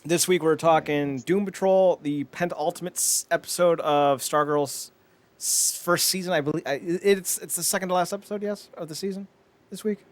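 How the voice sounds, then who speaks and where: A man co-hosting a podcast, excitable and mocking in casual chat. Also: a little high. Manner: excitable, mocking, quick to laugh. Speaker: podcast co-host.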